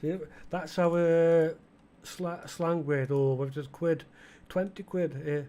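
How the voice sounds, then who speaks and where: The audio is dull, and the man's slightly high, mellow voice takes things slowly with fairly even intonation. A middle-aged gaming channel host with an East Midlands English accent, he chats in casual let's-play style, rambling with lots of fillers and talking to the game's customers while playing.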